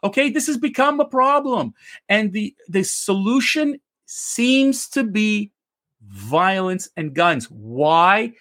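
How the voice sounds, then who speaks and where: A man's voice: high-pitched, big pitch swings, slow, a bit bright. A man from Canada, co-hosting a heated debate, ranting passionately and swearing. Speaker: co-host.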